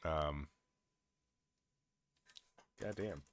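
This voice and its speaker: A man's voice: extremely low pitch, drawn-out words, slight background noise. A man streaming casual reaction commentary, laughing and exclaiming in disbelief.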